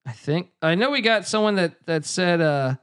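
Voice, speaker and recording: A man's voice: sits high, animated, moderate pace, fairly bright tone, smooth. Rambling, cursing male podcast host. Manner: rambling, profane storyteller with many fillers. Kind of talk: casual chat.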